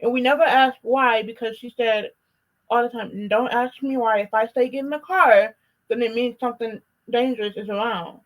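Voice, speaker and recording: Soft-spoken young woman, fairly high voice. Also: fairly even intonation, normal speed, low-quality recording. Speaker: guest, daughter of the speaker. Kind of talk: casual conversation.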